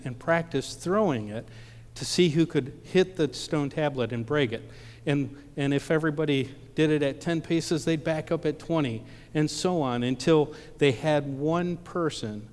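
A man's voice: medium pitch, a little mellow. A preacher from Ohio telling a personal story in a sermon, acting out the voices of the people in it and often repeating his words. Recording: long reverb of a large hall.

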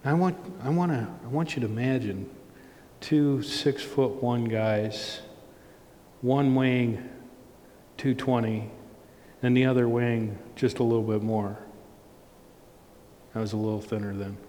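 Slow, earnest preacher in a reverberant hall. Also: male voice, fairly even intonation, mellow. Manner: earnest, slow storytelling that builds to emphatic points. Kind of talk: sermon with a personal story. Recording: long hall reverb, faint low rumble.

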